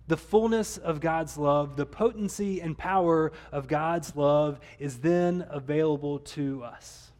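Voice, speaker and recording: A man's voice: a little high, measured pace, few pauses, darkish tone. A man pastor preaching a conversational sermon, with some restarts along the way.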